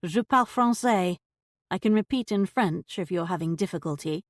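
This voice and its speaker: A woman's voice: lowish voice, normal speed, no room sound, clean studio sound, natural voice. A woman voicing a shrewd young lady detective who questions a suspect with poised, pointed politeness. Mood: pressing.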